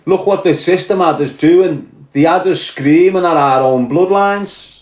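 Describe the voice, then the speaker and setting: A man's voice: a little high, unhurried, a little mellow. A man with a Liverpool Scouse accent delivering a blunt, profane, heated monologue, urging his listeners on. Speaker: podcast host. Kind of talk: impassioned monologue to camera. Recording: roomy echoey room.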